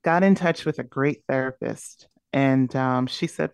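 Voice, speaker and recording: A woman's voice: extremely low pitch, unhurried, hardly any pauses, darkish tone, clear, resonant tone, dry recording. A woman speaking as a podcast guest, candidly and reflectively telling a personal story. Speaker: podcast guest, burnout coach.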